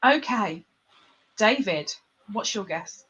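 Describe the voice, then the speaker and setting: A woman's voice: medium pitch, animated, slow, a bit bright, breathy edge. A woman hosting a live stream in casual chat, playful and laughing often. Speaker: livestream host.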